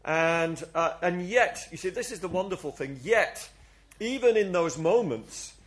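A man's voice: high voice, expressive, unhurried. A man preaching a sermon to a congregation, earnest and confessional, often restarting his words and leading the people in saying things together. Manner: leads the congregation in call-and-response. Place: church before a congregation.

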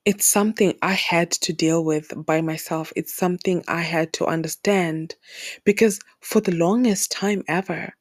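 A woman's voice: lowish voice, steady tone, normal speed, no echo, studio quality. A woman from Zimbabwe hosting a solo podcast, talking earnestly and repeating words for emphasis. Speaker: podcast host. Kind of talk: heartfelt solo podcast talk.

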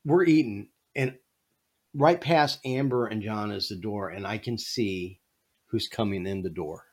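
A man hosting a podcast, telling a funny story in an animated, jokey way. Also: lowish voice, a little slow, husky. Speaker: podcast host. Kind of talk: casual storytelling.

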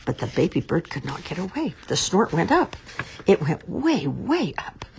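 A woman reading a children's story aloud in an expressive, sing-song storybook manner. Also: lowish voice, moderate pace, vocal fry, a little hiss or hum.

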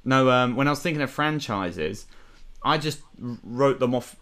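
A young man hosting a podcast, chatting casually and relaxed with plenty of slang. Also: mid-range voice, normal speed, clear, resonant tone. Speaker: podcast co-host. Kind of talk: casual chat. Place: home, remote call.

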